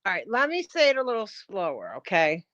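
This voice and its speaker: A woman's voice: mid-range voice, wildly swooping pitch, fairly quick, fairly bright tone, dry recording, highs cut off. A woman livestreaming in a casual rant, combative and profane, answering her chat.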